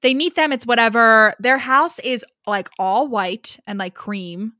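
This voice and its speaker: A woman's voice: a little high, a little slow, bright, forceful tone, no echo, clean studio sound. A woman co-hosting a podcast book recap, chatting casually, swearing freely and saying "like" a lot. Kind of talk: casual chat.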